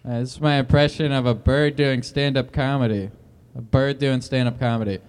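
A man of middling pitch performs a deliberately awkward stand-up routine. He stammers, restarts and rambles, explaining each joke at length. There is faint noise behind him. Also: fairly even intonation, a little mellow. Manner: stammering, rambling, over-explaining his jokes. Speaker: comedian guest.

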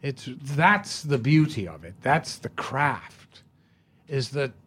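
An older man, an actor being interviewed, telling stories in a rambling, halting way with many restarts. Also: mid-range voice, animated, a bit bright, husky. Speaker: actor, guest. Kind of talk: anecdotal storytelling in an interview.

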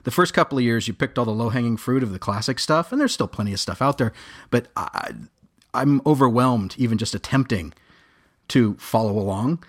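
A man chatting casually as a podcast panelist, halting often with fillers and soft chuckles. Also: medium pitch. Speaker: guest panelist. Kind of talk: casual chat.

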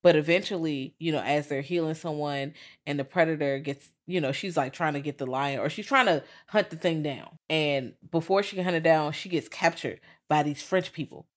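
A woman's voice: low-pitched, moderate pace. A woman co-hosting a podcast, recapping a film in casual, profane slang and acting out the characters as she goes. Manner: animated storytelling, acts out characters, profane slang. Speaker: podcast co-host. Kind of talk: casual movie recap chat.

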